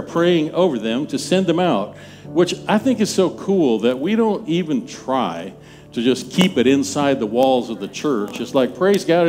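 A man in his seventies, a pastor preaching a sermon in a church, talking in a conversational, halting way with many restarts. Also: medium pitch. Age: 70s. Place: church sanctuary.

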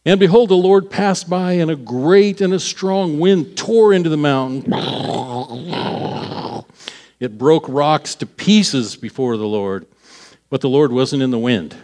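A man's voice: on the high side, a little mellow. A man preaching a sermon, retelling a scripture story with acted-out voices, restarting phrases and laughing at himself.

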